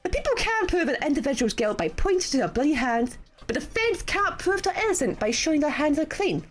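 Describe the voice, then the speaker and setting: A woman voicing a sharp-tongued female defense lawyer, explaining in a brisk, blunt way. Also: high-pitched, very animated, voice pushed up.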